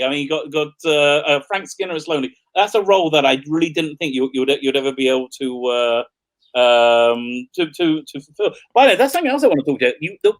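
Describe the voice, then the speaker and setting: A man hosting an interview on a video call, an eager fan who stumbles and repeats words as he talks. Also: a little high. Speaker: podcast host.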